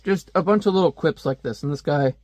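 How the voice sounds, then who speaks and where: Guy chatting through a comic review, jokey asides, kinda high voice, dry close sound. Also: fairly quick, a little mellow, dry recording. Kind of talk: casual commentary.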